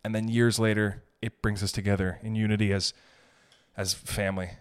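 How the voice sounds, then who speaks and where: A man's voice: on the low side, little pitch movement, a little fast, smooth. A man in his thirties hosting a solo podcast, ranting in a profane, exasperated, rambling way full of restarts. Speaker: podcast host. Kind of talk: solo comedic rant.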